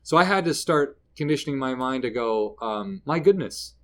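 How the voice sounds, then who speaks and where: A man's voice: mid-range voice, moderate pace. A man from Canada, a comedian guest in a casual interview, telling stories and acting out the people in them. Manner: animated, acts out quoted people mid-story.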